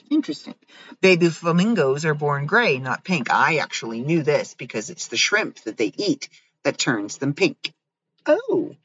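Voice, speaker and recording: Giggly woman reading fun facts. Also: low-pitched. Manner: giggly, reads aloud and jokes about each fact. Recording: dull lo-fi sound.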